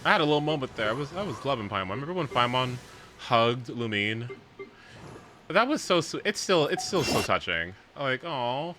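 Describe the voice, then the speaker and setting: A young man live-streaming a video game in casual chat, swearing often and swinging from mumbles to shouts. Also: medium pitch, big pitch swings, fast talker, hardly any pauses, over music.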